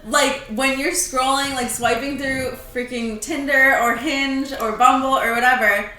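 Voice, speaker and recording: A woman's voice: high voice, fairly even intonation, a little slow, sharp tone, reverberant. A young woman from California co-hosting a podcast, chatting casually in a playful way, with frequent use of "like.". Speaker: podcast co-host. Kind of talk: casual chat.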